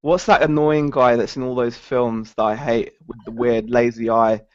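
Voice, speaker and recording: A man in a casual chat, jokey and full of quick asides. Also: mid-range voice, level tone, a little mellow, dry recording. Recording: dull lo-fi audio.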